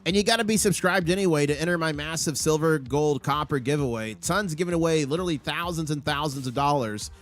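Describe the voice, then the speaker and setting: A man hosting a live stream with market commentary, excitable and rattling off prices and numbers. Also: fairly high pitch, a little fast, hardly any pauses, soft background music. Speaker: livestream host.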